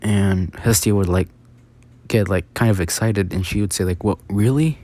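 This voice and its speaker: A man's voice: deep voice, fairly even intonation, moderate pace, dark tone. A man improvising a casual fan story, rambling with many fillers and restarts.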